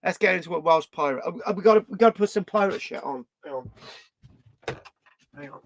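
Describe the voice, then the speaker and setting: A man's voice: sits high, lively intonation, brisk, long pauses, a little hiss or hum. A British man vlogging in a rambling, scattered way, swearing and tagging his lines with "right?". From Britain. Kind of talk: rambling casual vlog.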